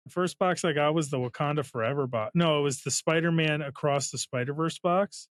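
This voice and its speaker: A man's voice: on the high side, a little fast, no echo. A man co-hosting a podcast in casual chat, complaining sarcastically and swearing freely. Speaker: podcast co-host.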